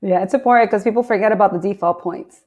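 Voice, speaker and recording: A woman's voice: medium pitch, fast talker, muffled recording. A woman hosting an interview, curious, asking long and winding questions of her guest. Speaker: podcast host.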